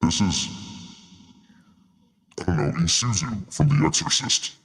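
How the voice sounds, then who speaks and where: A gravelly filtered "voice of God". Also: male voice, sing-song, measured pace, fairly bright tone, exaggerated voice. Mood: mock-solemn. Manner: mock-solemn proclamations. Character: booming male "voice of God" through a deep filter. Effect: deep demonic voice filter.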